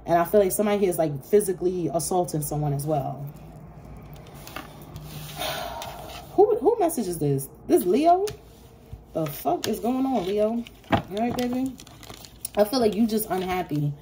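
A woman leads a casual tarot reading in a lowish, mellow voice. She talks bluntly and swears freely, acting out the imagined arguments with animated flair. Faint noise hums behind her. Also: moderate pace, pauses often. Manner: blunt, profane, animated, acts out imagined quarrels. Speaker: tarot reader.

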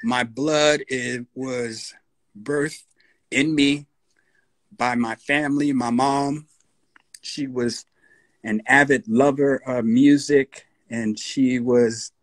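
A man in his sixties with a New York accent, a guest recalling his past in a relaxed storytelling interview. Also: medium pitch. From United States. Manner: slow, unhurried storyteller with husky tone, breaks into voices of radio DJs.

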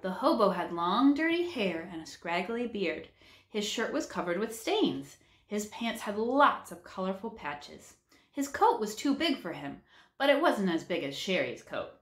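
A woman reading a children's book aloud with animated storytelling. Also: mid-range voice, unhurried. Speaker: read-aloud narrator. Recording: roomy echo.

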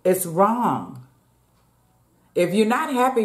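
In an unhurried low voice broken by frequent pauses, a woman vlogger talks to her audience while she eats. She's a chatty mukbang host who calls viewers "y'all" and fits bites between her words, all recorded in an echoey room at home.

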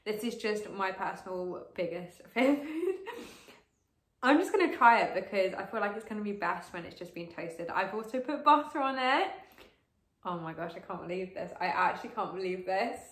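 A woman in her late teens chatting to camera as a vlogger while she eats, gushing and excitable, with lots of fillers. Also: mid-range voice, normal speed. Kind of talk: casual to-camera vlog while eating. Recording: roomy echo.

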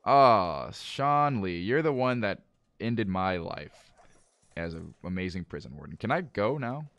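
This man talks casually with his viewers as he streams a game, switching between relaxed play-by-play and frustrated outbursts. His voice sits a bit low. The sound is close and dry, with almost no room. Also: unhurried, no room sound. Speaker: livestreamer playing a management game. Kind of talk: casual live gameplay commentary.

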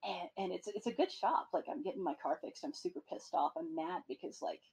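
A woman hosting a podcast, telling stories in a casual, animated way with plenty of swearing. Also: on the low side, a little fast, slightly rough, low-quality recording. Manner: animated storytelling with profanity. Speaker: podcast host.

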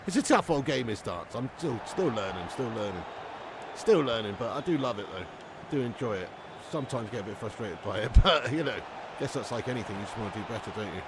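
A man doing live commentary on his game stream, excitable, yelling at plays and chatting with viewers. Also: mid-range voice, a little fast, background noise.

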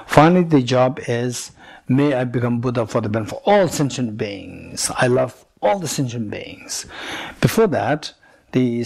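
Gravelly, husky male Buddhist teacher. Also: mid-range voice, darkish tone. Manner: repeats each point slowly and deliberately. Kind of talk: retreat teaching, paused for interpretation. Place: retreat center teaching room.

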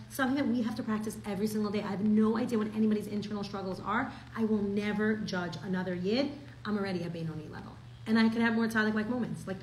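A young woman teaching a casual Torah class, chatty and animated, peppering her talk with "like". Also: fairly high pitch, reverberant, a little hiss or hum, poor audio.

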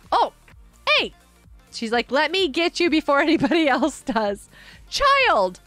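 A woman streamer chats through her game with a high, bouncing voice that swoops up and down, giggling often as she answers her viewers. Light music plays faintly behind her. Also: bright, forceful tone, no room sound. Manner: giggly, chatty, reading chat aloud. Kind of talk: live game stream chat.

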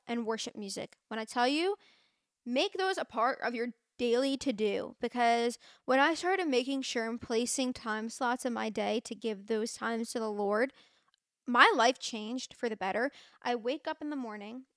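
A woman's voice: fairly high pitch, a bit bright, no echo, clean studio sound. A young woman hosting a podcast, talking casually and earnestly about faith, with lots of fillers and restarts. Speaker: podcast host. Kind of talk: casual faith talk to listeners.

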